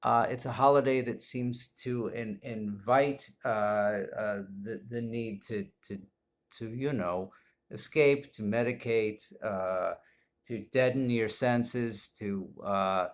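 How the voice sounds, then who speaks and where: Male whisky reviewer, slow rambling deadpan delivery full of hesitations. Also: on the low side. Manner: rambling, halting, deadpan, heavy with fillers. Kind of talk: comedic monologue review. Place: indoors at home.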